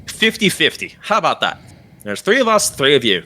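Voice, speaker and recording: A man's voice: a little high, very animated, pushed and bright, voice pushed up, heavily acted. A man voicing a hot-headed, blustering male ship captain. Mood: bargaining. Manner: blustering, quick to back down.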